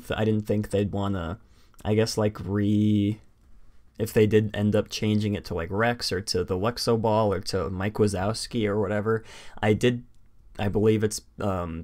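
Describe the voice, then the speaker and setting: A man hosting a live stream, chatting casually in a rambling way full of fillers and quick laughs. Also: on the low side, a little mellow. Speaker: stream host.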